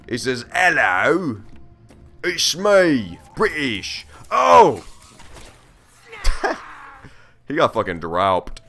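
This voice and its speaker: A man's voice: medium pitch, fairly bright tone. A man giving casual gameplay commentary on a stream, joking and swearing as he reacts aloud to the game. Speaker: let's play streamer.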